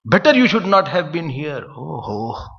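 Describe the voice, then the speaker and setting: A man's voice: fairly high pitch, sing-song, moderate pace, creaky, noisy background. A man doing a stern scolding guru. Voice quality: harsh, berating. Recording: muffled recording in a reverberant hall.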